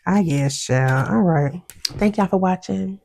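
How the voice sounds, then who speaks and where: A woman's voice: lowish voice, a little slow, gravelly, a little hiss or hum. A woman reviewing a reality show episode in a casual, outspoken vlog, full of slang and laughter, acting out what others said. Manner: chatty and animated, quotes others with mimicry.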